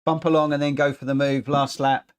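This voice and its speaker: A man's voice: a little high, little pitch movement, fairly quick, clean tone. Chatty self-mocking man streaming a race. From United Kingdom. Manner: self-deprecating, chatty, talks to himself while racing. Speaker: gaming streamer. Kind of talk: casual live-stream chat. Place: home gaming setup, indoors.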